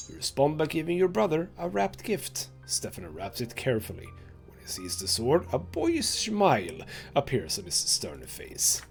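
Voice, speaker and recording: A man's voice: mid-range voice, wildly swooping pitch, moderate pace, creaky, faint music behind. A man hosting a let's play, reading a story game's text aloud with chatty asides and laughs. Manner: chatty asides with laughs between read passages. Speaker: gaming channel host.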